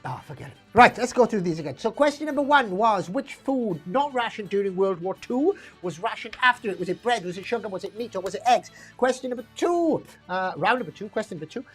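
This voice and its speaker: A woman's voice: mid-range voice, animated, a little fast, few pauses, breathy edge, soft background music. A woman hosting a live online pub quiz, chatty and rambling, reading out questions and options and laughing often at herself. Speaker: quiz host.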